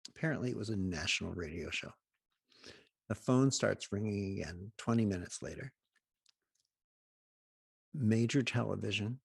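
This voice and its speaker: A man hosting a healing program, telling humorous anecdotes with wry asides and pauses. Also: on the low side, vocal fry, slightly rough, no room sound, clean studio sound. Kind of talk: humorous storytelling talk.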